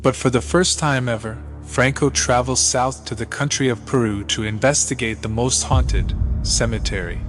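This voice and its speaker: A man's voice: mid-range voice, normal speed, few pauses. Man narrating a spooky clip over music. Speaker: video narrator. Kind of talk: scripted narration. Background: faint music.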